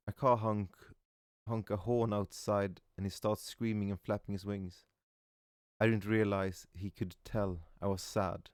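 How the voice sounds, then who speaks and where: A man with a low, smooth voice reads memes aloud in a relaxed, casual way. He trips over words and restarts them, and he adds soft "aw" reactions between posts. The recording is dry and close. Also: no echo. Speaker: voice actor reading memes aloud. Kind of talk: casual meme reading with reactions.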